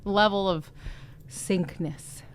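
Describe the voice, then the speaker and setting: A woman's voice: mid-range voice, steady tone, clean tone. A woman co-hosting a podcast, talking openly and emotionally in casual chat. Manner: open and emotional, quick to agree. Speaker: podcast co-host.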